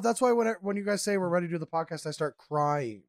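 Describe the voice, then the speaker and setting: A young man co-hosting a casual podcast, animated and quick with laughing asides. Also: high-pitched, no echo, studio quality. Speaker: podcast co-host. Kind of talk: casual banter.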